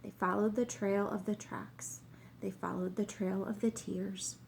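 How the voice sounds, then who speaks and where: A woman narrating a children's story, reading aloud in a plain, measured way. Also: mid-range voice, level tone, gravelly, darkish tone, a little hiss or hum.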